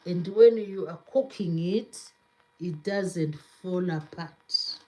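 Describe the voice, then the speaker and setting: A woman's voice: lowish voice, takes it slowly, mellow, low-quality recording. A woman hosting a cooking channel, chatting casually on a live stream, reading viewer comments aloud and laughing often as she repeats herself.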